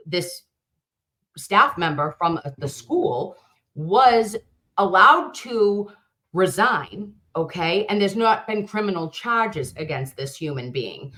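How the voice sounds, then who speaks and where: Woman guest, true crime creator, lowish voice, rambling delivery with restarts. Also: animated, takes it slowly, a bit bright. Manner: rambling, restarts sentences often. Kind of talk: conversational interview.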